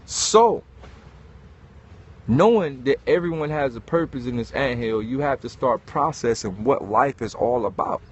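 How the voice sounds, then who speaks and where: A man giving an animated, preachy motivational talk, swearing and calling listeners dog. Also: medium pitch, unhurried, breathy edge, lo-fi sound. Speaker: host.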